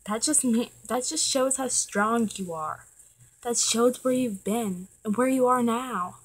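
Teen girl talking slow into her webcam, earnest and emotional, cusses when riled up. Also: fairly high pitch, a little hiss or hum, low-quality recording. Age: teens. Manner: heartfelt, emotional, swears when worked up. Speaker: vlogger. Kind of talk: earnest direct-to-camera pep talk.

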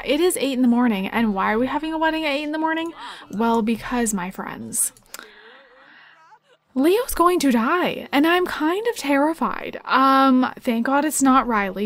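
A young woman giving bubbly, excitable commentary while playing a life-sim game, giggling often and chatting to her viewers. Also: high voice. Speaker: gaming YouTuber. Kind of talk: Let's Play commentary.

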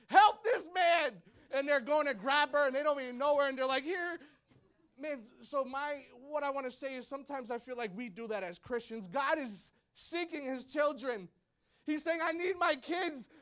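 A male pastor in his thirties preaching a sermon to a congregation, telling lively stories and acting out shouts and quotes. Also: very high voice. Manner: animated storytelling, acts out shouts and quotes. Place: church hall before a congregation.

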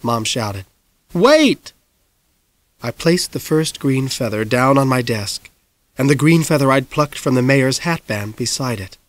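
Measured male audiobook narrator, dry sound. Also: dry recording. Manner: measured, low and intimate, tense in the chase. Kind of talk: scripted first-person audiobook narration.

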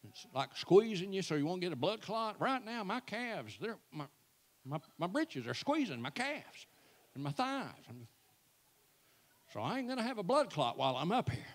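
This church speaker, a man in his 60s, entertains a live crowd with homespun comic tales that poke fun at himself. He talks at an ordinary pace in a high-pitched, sing-song voice.

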